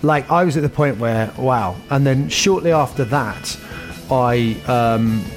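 A man, a comedian telling lively anecdotes with laughs in a casual interview. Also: mid-range voice, unhurried, faint music behind. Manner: animated, anecdotal, laughs while telling stories. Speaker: guest comedian.

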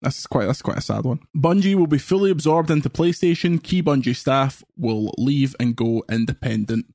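A Scottish man with a Paisley accent hosts a podcast, with a mid-range voice. He teases and tells stories in a lively way. The sound is close and dry. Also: mid-range voice, normal speed, dry recording. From Scotland. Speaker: podcast host. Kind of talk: casual podcast chat.

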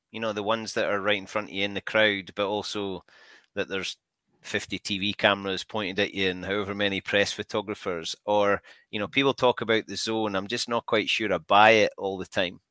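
A man's voice: lowish voice, fairly even intonation, moderate pace, a bit bright, clear, resonant tone, no room sound. A male interviewer asking probing questions in an easy, conversational way. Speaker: interviewer and host.

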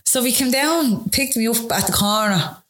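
A young woman with a Dublin accent, telling her story in a chatty, casual way with quick, laughing asides. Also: on the high side, fairly bright tone. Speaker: interview guest.

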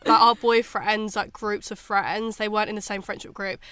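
A woman's voice: medium pitch, little pitch movement, normal speed, fairly bright tone, clear, resonant tone. A woman in her twenties from England co-hosting a podcast, chatting casually, swearing and giggling. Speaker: podcast co-host. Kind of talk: casual chat.

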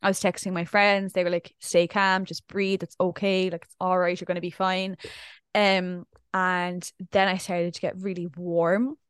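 A woman's voice: fairly low pitch, flat delivery, moderate pace, clean tone, no room sound, studio quality. A young adult woman, co-hosting a casual podcast and telling a story in a chatty way, acting out what people said. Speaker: podcast co-host. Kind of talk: casual chat.

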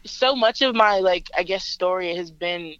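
A woman from Alabama, a rapper and guest, telling a story over a phone call in a lively, chatty way, laughing often and using lots of filler words. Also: fairly low pitch, moderate pace, clean tone, dry recording.

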